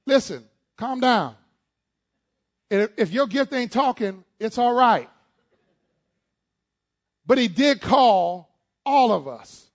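A man preaching a sermon as pastor, leading call-and-response, shouting at peaks, then dropping to low asides and joking with the congregation. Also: gravelly. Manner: playful, jokes with the congregation.

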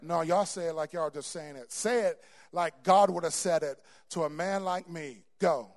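A man with a notably high voice preaches to a congregation. He stumbles over repeated words, then surges into loud, emphatic lines. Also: moderate pace. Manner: stammering repeats, building to loud emphatic peaks. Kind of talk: sermon. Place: church before a congregation.

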